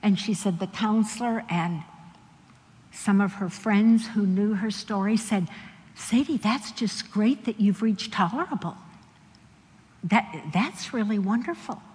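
A woman telling stories in a sermon, animated and laughing often as she acts out the people in them. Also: mid-range voice, unhurried. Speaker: Christian speaker. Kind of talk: sermon storytelling. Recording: long hall reverb.

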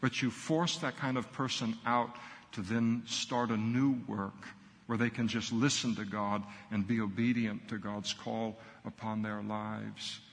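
A man's voice: on the low side, fairly even intonation, a little slow, creaky, long reverb tail. A middle-aged man, a pastor, preaching a sermon earnestly and emphatically in short punchy phrases.

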